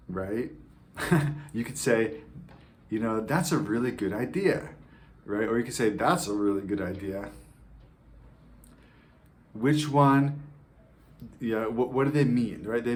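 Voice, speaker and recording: A man teaching a sales masterclass, explaining ideas step by step and often checking in with "right?" and "okay?", acting out tones of voice in his examples. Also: lowish voice. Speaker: sales coach.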